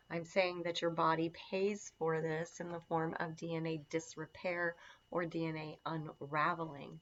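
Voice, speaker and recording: A woman's voice: lowish voice, fairly bright tone, slight background noise. A woman teaching a casual lesson on herbal remedies, chatty and enthusiastic, with lots of fillers. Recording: dull lo-fi sound.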